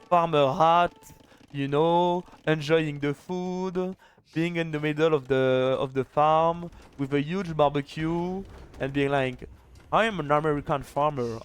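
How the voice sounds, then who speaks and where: A man casting a live strategy game match, chatty and excitable, with quick restarts. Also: fairly high pitch, smooth. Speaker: esports caster and streamer. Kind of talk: live video game commentary.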